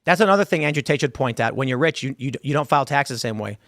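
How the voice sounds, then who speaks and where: A man hosting a casual talk show, arguing quickly and reading out viewer comments. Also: mid-range voice, expressive, a bit bright, dry recording. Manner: argumentative, fast, mock-quotes people in asides. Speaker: host.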